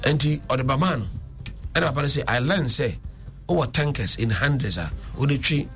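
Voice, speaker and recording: A man's voice: mid-range voice, animated, normal speed, fairly bright tone, soft background music. A man, rambling in a casual discussion and switching between languages. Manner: rambling, restarts and code-switching.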